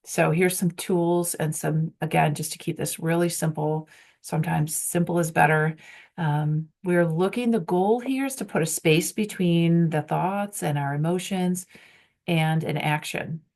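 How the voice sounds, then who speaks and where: A woman's voice: sits low, unhurried, a little mellow. A woman giving a conference presentation on workplace change, posing strings of rhetorical questions to the audience with frequent ums.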